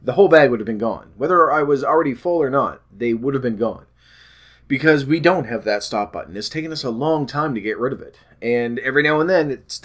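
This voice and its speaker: A man's voice: medium pitch, fairly bright tone. A man talking casually to camera in a weight-loss vlog, rambling with many ums and self-corrections and joking about his own slips.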